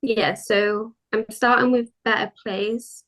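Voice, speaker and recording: A British woman chatting on a fan podcast, relaxed as she explains her ideas at length. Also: fairly high pitch, slow pace. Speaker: podcast guest. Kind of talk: casual chat.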